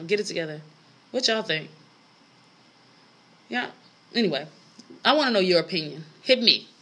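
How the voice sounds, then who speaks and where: Solo podcast host, woman, bright, lively delivery, blunt and profane. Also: fairly high pitch. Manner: blunt, profane, incredulous, laughs often. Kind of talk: casual solo podcast rant.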